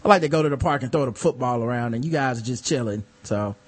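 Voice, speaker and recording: A man hosting a podcast in casual chat, blunt, profane and animated as he reacts to listener feedback. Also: mid-range voice, quick pace. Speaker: podcast host.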